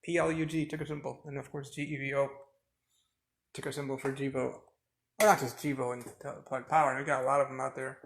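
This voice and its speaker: A man's voice: mid-range voice, flat delivery, quick pace. A man filming a casual live stream on his phone while it rains, talking in a rambling, chatty way and often correcting himself. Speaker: vlogger. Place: outdoors under a balcony in rain.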